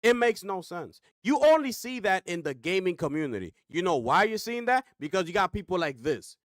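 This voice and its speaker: Gaming streamer, male, high and lively voice, rhetorical and slangy rant. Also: a little fast, dry recording, clean studio sound. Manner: animated, rhetorical questions, slangy. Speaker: gaming commentator reacting to a clip.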